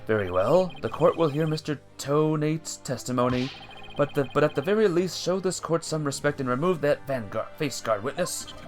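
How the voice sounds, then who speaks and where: A man voicing an old, stern but kindly male judge from a courtroom game, with measured pronouncements. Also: on the high side, lively intonation, faint music behind, natural voice.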